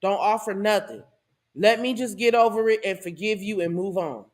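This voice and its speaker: Animated woman host preaching commentary. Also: medium pitch, normal speed. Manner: animated, preachy, laughing asides. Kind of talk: casual commentary monologue.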